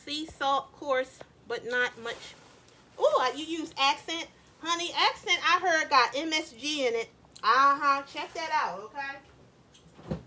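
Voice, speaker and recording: A woman's voice: high-pitched, slow pace, bright, forceful tone. A woman cooking at home, chatting to her viewers in a casual way, often saying "y'all" and asking them questions. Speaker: cooking vlogger. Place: home kitchen.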